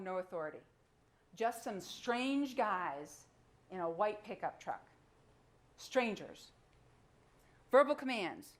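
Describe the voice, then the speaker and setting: Emphatic woman prosecutor in courtroom. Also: a little high. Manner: emphatic, fires rhetorical questions at the jury. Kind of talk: courtroom closing argument. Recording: echoey courtroom, faint background noise.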